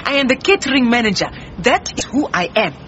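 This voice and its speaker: An actress playing a proud, defensive head cook who talks brusquely. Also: female voice, on the high side, very animated, fairly quick, fairly bright tone. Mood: indignant. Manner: brusque, indignant. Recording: muffled with faint hiss.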